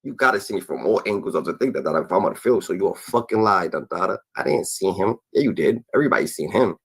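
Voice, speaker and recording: A man tears into an interview clip in a fast, mocking rant. His voice is husky and a little low. The sound is close and dry. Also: lively intonation, dry recording, rough recording. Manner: mocking, filler chant "da, da, da". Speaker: reaction commentator. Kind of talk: profane reaction rant.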